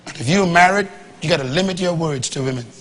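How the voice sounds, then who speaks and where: A man preaching a sermon to a congregation, swinging from loud to hushed and acting out quoted dialogue. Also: on the high side, quick pace. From Bahamas. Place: church hall before a live congregation.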